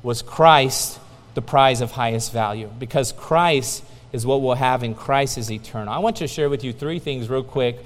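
A man preaching a sermon to a congregation, telling stories with rising excitement and then dropping to a soft, quiet emphasis. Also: medium pitch, moderate pace, in a large hall.

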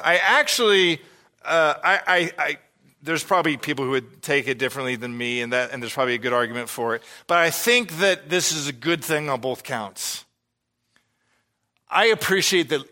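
Earnest male pastor with a bright voice. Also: fairly high pitch, moderate pace. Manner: earnest and animated, acts out quoted lines. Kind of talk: expository sermon.

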